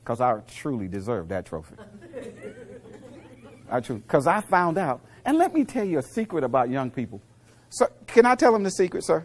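A middle-aged man giving a motivational speech to a live audience, telling coaching stories and quizzing the crowd, dropping to low murmurs and then rising to loud punchlines. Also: sing-song, normal speed. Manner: preachy storyteller, asks the crowd questions, swings from low murmurs to loud punchlines. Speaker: motivational speaker.

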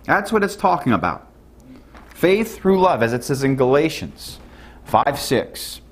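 A man's voice: sing-song, a little slow. Earnest preacher man with swinging emphasis. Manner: earnest, repetitive, rising to emphatic stresses and dropping to low, quiet tones. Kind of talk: sermon.

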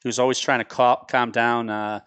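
A man's voice: medium pitch, flat delivery, fairly quick, a bit bright, smooth. A man hosting a casual podcast chat, telling stories in a friendly, chatty way. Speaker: podcast host.

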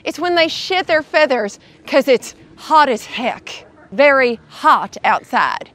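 A woman's voice: high voice, animated, slow pace, a bit bright. A woman hosting a children's educational show outdoors at an animal sanctuary, cheerful and sing-song, addressing viewers as y'all.

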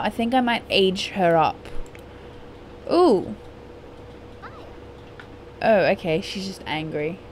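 A young woman chats her way through a life-simulation game, excitable and playfully bossy with her characters. Her voice swings widely in pitch as she talks. A faint background hiss sits under the recording. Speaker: gaming YouTuber. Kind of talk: casual gameplay commentary.

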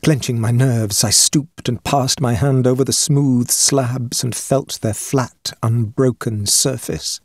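Man, audiobook narrator, husky voice, dry close sound, measured and dramatic ghost story reading. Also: mid-range voice, steady tone, no room sound. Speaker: audiobook reader.

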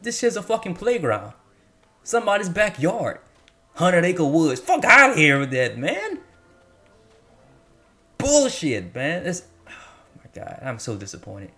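A man's voice: high voice, wildly swooping pitch, a little slow, long pauses, sharp tone, faint music behind. A man hosting a gaming channel, delivering an exasperated, profane rant over gameplay footage, repeating himself and cursing heavily. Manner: exasperated, repetitive, heavy cursing.

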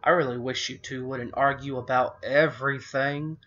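A stern father, fed up with his bickering children, speaks firmly, as a man reads his lines. His tone is bright and forceful, and the storybook reading sounds dull and lo-fi. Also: mid-range voice, fairly even intonation, normal speed, close to an everyday voice. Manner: stern, exasperated.

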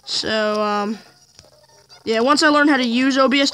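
A gaming host giving let's play commentary, rambling and easily frustrated, trailing off into quiet mutters. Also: mid-range voice, unhurried, pauses often, clean tone, soft background music, low-quality recording.

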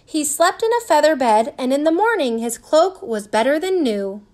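A woman reading a children's storybook aloud with expressive, animated narration. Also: sits high, moderate pace.

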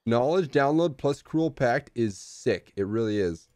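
A man streams an auto-battler match with live commentary, excitable and swinging from low mutters to shouts, though his pace stays unhurried.

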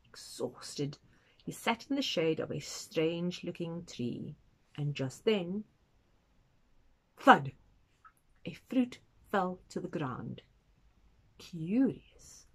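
A woman reading a children's picture book aloud, expressive and adding asides for young listeners. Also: lowish voice, slow pace, pauses often, slightly rough. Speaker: storytime reader.

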